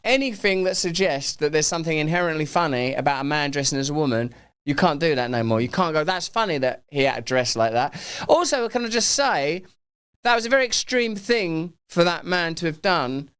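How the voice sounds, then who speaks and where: A man's voice: a little high, expressive, brisk, a bit bright, clear, resonant tone. Playful rambling male show host. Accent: English. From England. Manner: playful, rambling, riffing with studio crew. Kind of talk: casual live show chat.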